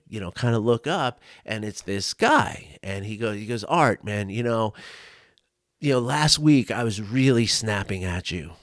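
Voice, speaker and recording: A male life coach telling a personal story to camera, earnest and reflective, with frequent "you know" and "right?" asides and soft laughs. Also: fairly low pitch, clean tone, no echo, clean studio sound. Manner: laughs often between thoughts. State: tearful at times.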